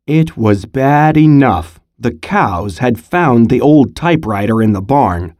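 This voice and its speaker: A teacher reading a picture book aloud in a slow, expressive storytelling manner, pausing for comprehension questions. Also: mid-range voice, no room sound, clean studio sound.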